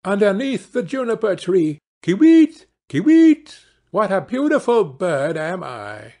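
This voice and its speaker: A man voicing a high chanting bird spirit. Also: big pitch swings, measured pace, warm tone, exaggerated voice. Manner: sing-song chanting. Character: murdered little boy reborn as a singing bird.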